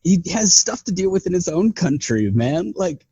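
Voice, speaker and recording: A man's voice: high voice, sing-song, moderate pace, warm tone, breathy edge, no echo, lo-fi sound. A man who is a guest on a podcast, chatting casually in a blunt, profane way. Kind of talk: casual chat.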